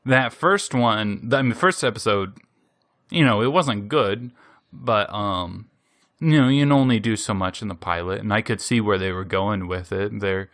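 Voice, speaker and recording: A man hosting a podcast, casually recapping an anime episode in an animated way, laughing often and using many fillers. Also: on the low side, moderate pace, no room sound, studio quality. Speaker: podcast host.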